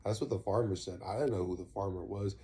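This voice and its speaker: Brief: young man, low mellow voice, slangy rambling storyteller. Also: quick pace. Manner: slangy, rambling, swears freely. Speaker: vlogger. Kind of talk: casual storytelling.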